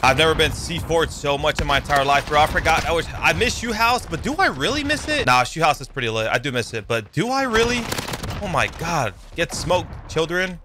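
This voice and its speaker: A young man giving excitable live commentary over his own gameplay, yelping and swearing as the fights heat up. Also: on the high side, fairly quick, over music. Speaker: gaming YouTuber. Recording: game gunfire loud under the voice.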